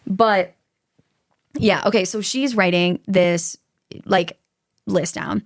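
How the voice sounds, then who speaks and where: A woman's voice: medium pitch, a little slow, vocal fry, pauses often, no echo, clean studio sound. A woman hosting a true-crime podcast, talking casually and getting worked up, swearing freely. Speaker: podcast host.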